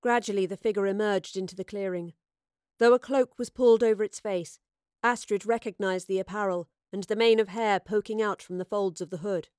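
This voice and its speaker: A woman narrates an adventure story at a measured pace, shaping each sentence with quiet expression. Her voice sits in a middle register, and the recording is close and completely dry. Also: mid-range voice, steady tone, clear, resonant tone, no room sound. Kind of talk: audiobook narration.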